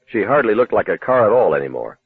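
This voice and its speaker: Husky, low-voiced male reader for a first-person novel, measured and dramatic; tinny, dry, phone-like audio. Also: very animated, dry recording. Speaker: audiobook narrator.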